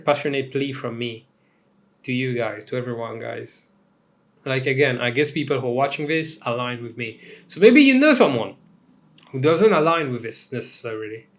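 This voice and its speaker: Animated young man ranting casually. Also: medium pitch. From Mauritius. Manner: animated, swearing, rambling with asides and laughs. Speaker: host. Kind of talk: casual comedic commentary.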